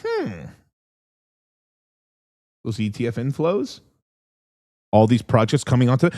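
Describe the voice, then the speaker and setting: A young man hosting a crypto livestream in a casual, rambling chat, swearing constantly and getting excitable as he talks. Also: medium pitch. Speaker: crypto stream host.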